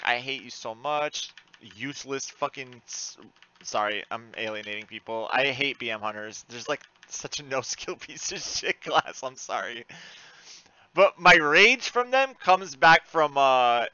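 A man giving live commentary while playing an online game, cursing often and swinging between frantic outbursts and low muttering. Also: bright, forceful tone, clean tone, highs cut off. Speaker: gaming streamer.

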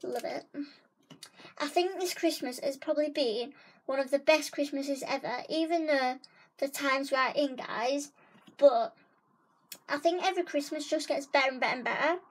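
The audio is poor in this clip of a young woman's high-pitched voice at normal speed. She's a vlogger doing a casual haul from her bedroom at home, chatting and gushing directly to viewers and saying "guys" again and again.

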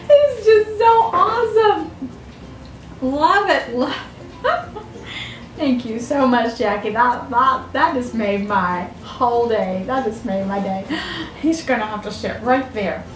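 Gushing older woman, high and lively. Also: takes it slowly, slight background noise. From Southern United States. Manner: gushing and excitable, gasping often. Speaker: vlogger opening fan mail. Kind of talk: casual chat to camera. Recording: echoey room, mic a bit far off.

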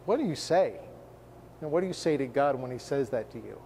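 A man preaching a sermon, firing off rhetorical questions with emphasis and sinking into a hushed tone for personal stories. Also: medium pitch, lively intonation, brisk, vocal fry, big-room sound, a little hiss or hum.

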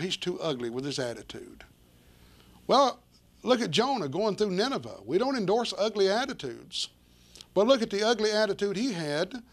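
A man preaching with a fairly high-pitched voice. He reads old-fashioned scripture aloud, then turns and explains it in plain everyday words, addressing his listeners as folks. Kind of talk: sermon on scripture.

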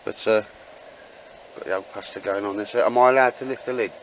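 A man's voice: on the low side, steady tone, fast, fairly bright tone, slight background noise, low-quality recording. Guy joking around with his mates, cheeky banter, outdoors camping. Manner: joking, teasing, chatty with lots of "mate" and "sir". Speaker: vlogger. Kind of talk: casual banter. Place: outdoor campsite.

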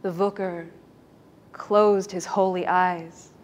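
A woman giving a talk on stage, telling emotional stories dramatically and swinging between loud passages and hushed ones. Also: on the low side, flat delivery, slow. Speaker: speaker.

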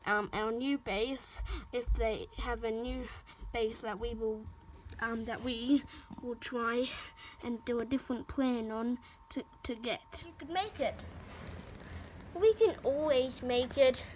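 A woman's voice: fairly high pitch, slow pace, a little mellow, a little hiss or hum. A woman telling a casual toy-play story, rambling with fillers and restarts. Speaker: narrator of a toy show.

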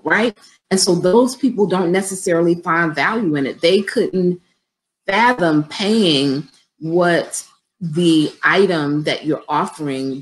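A woman's voice: fairly low pitch, rough recording. A middle-aged woman business coach talking conversationally and directly to her viewers on a live stream, with features.

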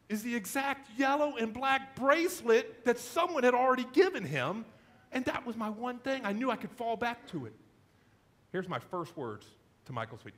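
A middle-aged man preaching a sermon, telling a self-deprecating story in an animated, conversational way. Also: high voice. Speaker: pastor.

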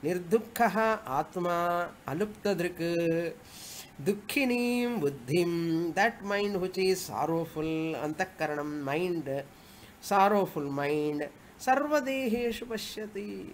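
A woman's voice: lowish voice, takes it slowly, slight background noise. A woman spiritual teacher, explaining scripture patiently and repeating Sanskrit verse phrases as she goes. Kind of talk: scripture lecture.

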